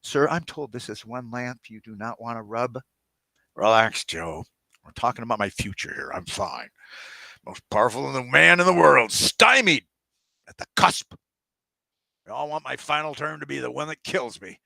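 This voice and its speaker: Bossy, boozy old president read by a man, loud and gravelly, close dry mic. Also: mid-range voice, big pitch swings, normal speed, no echo, heavily acted. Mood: boastful. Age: older. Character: blustering, boozy aging male US president. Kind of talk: author reading his novel aloud.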